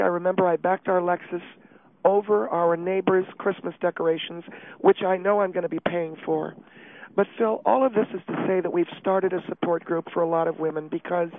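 A prim, distraught middle-aged wife, put on by a man, pours out a self-pitying confession in a halting, breathless voice. Her voice sits high and comes through a thin, phone-like line. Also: no room sound. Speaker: caller.

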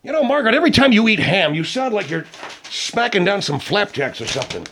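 A man's voice: high-pitched, big pitch swings, fast, vocal fry, background noise. A man co-hosting a radio show, needling and teasing his partner in banter. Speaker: co-host.

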